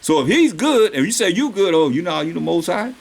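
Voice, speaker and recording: This preacher has a high voice with big pitch swings and some vocal fry. He reads scripture slowly, then explains it conversationally, questioning his listeners and lingering on words for emphasis.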